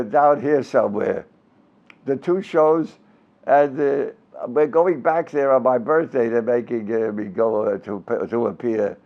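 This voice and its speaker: Gravelly old raconteur from Brooklyn. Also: male voice, fairly high pitch. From Brooklyn, New York. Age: 90s. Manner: anecdotal, showbiz raconteur with punchlines. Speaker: interviewee. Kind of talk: casual storytelling interview. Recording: dull lo-fi recording.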